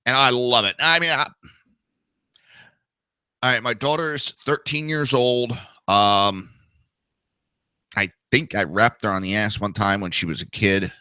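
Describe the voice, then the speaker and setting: A man's voice: fairly low pitch, bright, forceful tone, clear, resonant tone, dry recording. A man in his thirties hosting a talk show, giving crude, profane and sarcastic ranting commentary.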